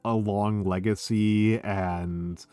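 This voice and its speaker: A man's voice: lowish voice, steady tone, very slow, mellow, clear, resonant tone, no echo, soft background music. A man, chatting casually and sardonically on a stream, swearing freely and often laughing. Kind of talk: casual chat.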